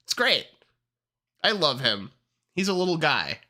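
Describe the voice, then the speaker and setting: An excitable, foul-mouthed streamer in casual livestream chat, whose pitch leaps all over the place. The voice is bright and sharp, and the delivery unhurried and drawn out even in the heated rants. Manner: excitable and heavily profane, rants then laughs.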